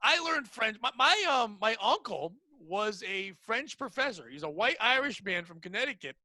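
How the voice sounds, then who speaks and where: A man co-hosting a podcast, joking loudly in crude casual banter and breaking into shouted bits. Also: sits high, big pitch swings, moderate pace, no echo. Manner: loud, joking, bursts into sung bits and shouts. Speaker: podcast co-host.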